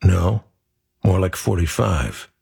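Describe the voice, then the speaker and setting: A distracted woman in a waiting room answers small talk with flat, deadpan replies, read by a man in his own voice. The voice is deep and husky, with a gravelly edge. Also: slow, full character voice.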